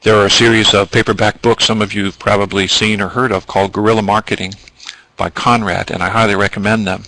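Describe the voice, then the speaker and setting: A man's voice: on the low side, level tone, quick pace, pushed and bright, dry recording, poor audio. A man presenting a business training webinar, explaining at length with ums and asides.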